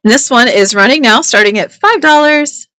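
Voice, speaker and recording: A woman's voice: sits high, moderate pace, sharp tone, dry recording, poor audio. Chatty woman selling on a live auction stream. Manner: chatty and upbeat, with playful teasing asides. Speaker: live online auction seller. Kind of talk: casual live-sale patter.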